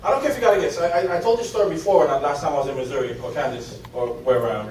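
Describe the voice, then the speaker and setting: A man's voice: fairly high pitch, rapid-fire, heavy background noise. Man speaking in a reverberant hall. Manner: casual, repeats himself with restarts. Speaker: network marketing trainer. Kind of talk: seminar talk. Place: large meeting room. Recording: echoey hall from far off.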